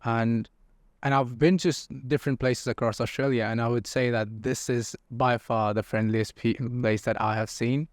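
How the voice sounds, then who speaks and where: Young man, smooth clear voice, relaxed podcast host, dry close sound. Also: mid-range voice, moderate pace, dry recording. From Rajasthan, India. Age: young adult. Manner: relaxed, supportive, many short agreements. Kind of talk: casual chat.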